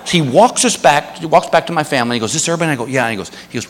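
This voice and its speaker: A man's voice: medium pitch, rapid-fire, in a large hall, a little hiss or hum. A man doing stand-up, telling a story and acting out the people in it. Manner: animated, acts out voices of people in the story. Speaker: stand-up comedian.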